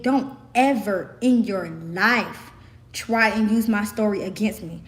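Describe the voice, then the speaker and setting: A young woman from the American South with a Southern accent, hoarse from screaming, ranting sassily and emphatically to camera. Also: a little high. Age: young adult. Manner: sassy, emphatic, repeats herself. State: hoarse, voice worn out. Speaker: vlogger.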